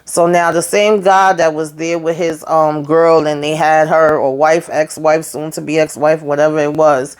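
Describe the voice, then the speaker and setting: A woman breaks down a drama episode for her viewers in a loose, conversational recap. Her voice sits a little low, and she sounds chatty and fed up with the characters, slipping into slang as she goes. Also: level tone, normal speed, few pauses, clear, resonant tone. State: headache. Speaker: TV recap host. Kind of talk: casual show recap.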